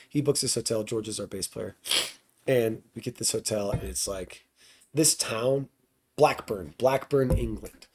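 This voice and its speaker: A man's voice: medium pitch, steady tone, normal speed, a little mellow. A man guesting on a podcast, telling a tour story in a loose, profane, rambling way full of "like" fillers. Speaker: podcast guest, touring band musician. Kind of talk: casual storytelling.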